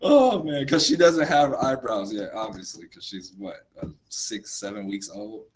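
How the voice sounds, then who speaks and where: A man's voice: fairly low pitch, moderate pace, low-quality recording. A young man hosting a casual livestream, laid-back and laughing often, calling his viewers "y'all" and "dude". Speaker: motivation coach hosting a livestream.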